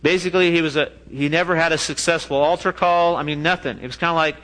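A man preaching a sermon in a lively, joking way, often laughing at his own asides. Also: a little high, fast talker, low-quality recording. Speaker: pastor.

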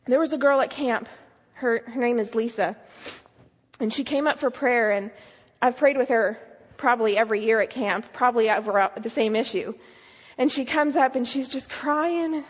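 Woman preaching, high voice, earnest, lots of questions, big echoey hall. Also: moderate pace. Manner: earnest, storytelling, emphatic questions. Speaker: speaker. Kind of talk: sermon. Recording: long hall reverb.

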